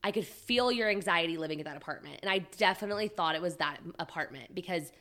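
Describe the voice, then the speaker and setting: A woman hosting a podcast, talking in a sympathetic, lively way with quick restarts. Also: lowish voice. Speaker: podcast host. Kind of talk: casual chat.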